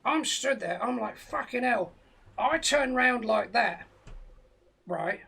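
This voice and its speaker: British comic storyteller, man with a high, gravelly voice, swears freely, tells absurd tales dead straight. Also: lively intonation, slow pace, bright, forceful tone. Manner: profane, rambling tall tale told straight. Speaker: comedian telling a story. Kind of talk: comic storytelling on a live stream.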